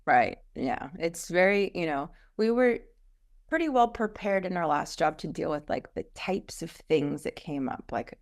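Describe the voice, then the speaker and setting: A woman co-founder guest telling her story in a rambling, animated way in a casual interview. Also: on the low side, a little slow.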